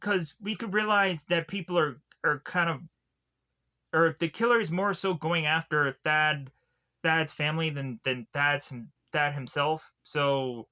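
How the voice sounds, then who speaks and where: A man's voice: a little high, unhurried, pushed and bright. A man casually retelling a film's plot as a reviewer, rambling and leaning heavily on "like" and restarts. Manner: rambling, heavy use of "like" and restarts. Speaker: film reviewer. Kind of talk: casual film recap.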